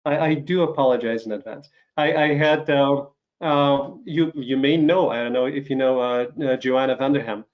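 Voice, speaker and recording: A man's voice: medium pitch, moderate pace, hardly any pauses. A man hosting an interview over a video call while getting over covid, talking in loose rambling sentences full of fillers and restarts. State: recovering from covid, some coughing. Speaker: podcast host. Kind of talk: casual interview chat.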